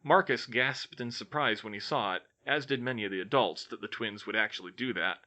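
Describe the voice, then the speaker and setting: A man reading a fan-fiction novel aloud, expressive and doing many character voices. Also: medium pitch, fairly quick. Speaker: audiobook reader. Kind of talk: scripted narration.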